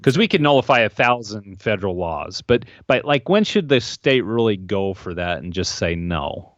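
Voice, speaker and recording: A man's voice: lowish voice, expressive, normal speed, fairly bright tone, no room sound, lo-fi sound. A man hosting a political podcast, opinionated and wry, asking pointed questions. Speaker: podcast host.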